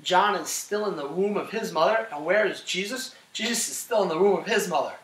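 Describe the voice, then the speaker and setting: A man teaching a class on scripture, animated, asking questions and often checking in with "right?". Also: high voice, brisk, distant mic. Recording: roomy echo from off-mic.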